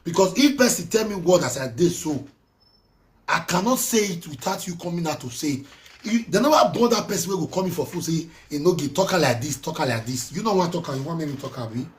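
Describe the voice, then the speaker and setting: A Nigerian man speaking in Pidgin English, his voice sitting a little high. He scolds and rants in an animated monologue, repeating himself and swinging between loud bursts and quieter lines. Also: fast, a little hiss or hum. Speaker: social media commentator. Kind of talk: heated monologue.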